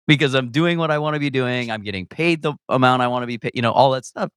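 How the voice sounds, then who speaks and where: A man's voice: mid-range voice, fairly quick, smooth, dry recording, clean studio sound. A man, a guest comedian, talking candidly in a casual conversation, reflective and rambling, restarting his sentences and laughing often. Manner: reflective and rambling, with frequent restarts and lively self-quotes.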